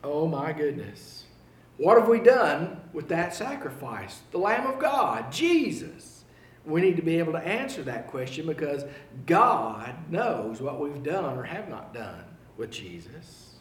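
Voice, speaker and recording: A male preacher delivering a sermon, swinging between loud, emphatic proclaiming and hushed, pleading appeals. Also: on the high side, sing-song, unhurried, echoey room, distant mic.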